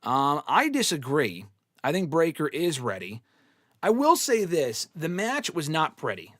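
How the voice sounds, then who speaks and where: A man hosting a live fan-question show talks loosely and bluntly, tossing in curse words as he gives his opinions. His voice sits at a middling pitch, recorded close and dry with no room sound. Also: a bit bright, no room sound. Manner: blunt and opinionated, swears often. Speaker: wrestling podcast host answering fan questions. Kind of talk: casual live Q&A commentary.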